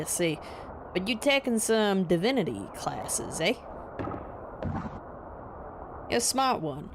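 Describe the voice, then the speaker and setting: A woman voicing a gruff rustic male fisherman in a video game, talking in a folksy dialect full of "eh" and "ye". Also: fairly low pitch, noisy background. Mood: friendly.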